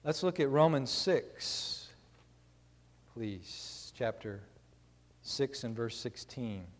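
A man, a pastor, preaching a sermon who reads scripture slowly and then explains it with everyday examples. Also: mid-range voice, lively intonation. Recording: long hall reverb.

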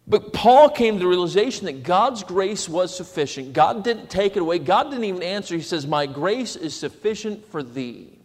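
A man's voice: sits high, lively intonation, normal speed, few pauses. A man preaching a sermon in a conversational way, slipping into acted asides. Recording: long hall reverb.

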